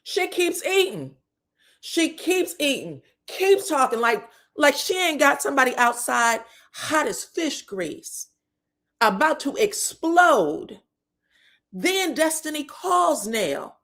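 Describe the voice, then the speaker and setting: Woman host, sassy and profane recap talk, slightly high voice. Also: slow pace. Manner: animated, profane, sassy storytelling with laughter. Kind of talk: casual commentary recap.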